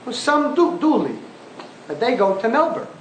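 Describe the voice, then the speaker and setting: Emphatic rabbi lecturing in an echoey hall. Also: male voice, very high-pitched, sing-song, moderate pace, noisy background. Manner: emphatic, mocking, rhetorical questions. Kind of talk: impassioned public lecture. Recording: echoey archival lecture recording.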